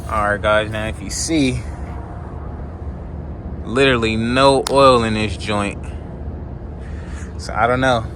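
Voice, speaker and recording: A man's voice: fairly low pitch, steady tone, takes it slowly, long pauses. Laid-back slangy man vlogging outdoors. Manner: laid-back slangy talk, loose fillers. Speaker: car flipping vlogger. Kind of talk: casual vlog narration. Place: outdoors at car lots and roadside. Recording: outdoor phone audio with street noise. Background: traffic and street noise.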